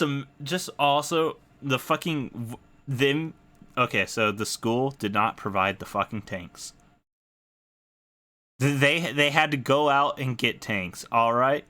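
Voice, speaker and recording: A man's voice: medium pitch, pushed and bright. A young man hosting a podcast, ranting casually about an anime with lots of swearing and disbelieving laughs. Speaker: podcast host. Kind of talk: casual anime review rant.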